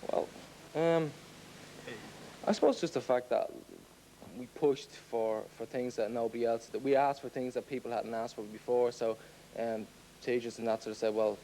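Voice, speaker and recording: A man's voice: medium pitch, fairly even intonation, normal speed, warm tone, a little hiss or hum, poor audio. A man answering a question on a TV studio show, hesitant and plain-spoken, with lots of ums. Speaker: rock drummer answering an audience question. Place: TV studio with an audience.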